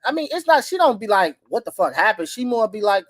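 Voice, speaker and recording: A man in his thirties hosting a podcast, telling loud, profane, animated stories in casual chat. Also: high-pitched, brisk, hardly any pauses, no room sound. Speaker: podcast host.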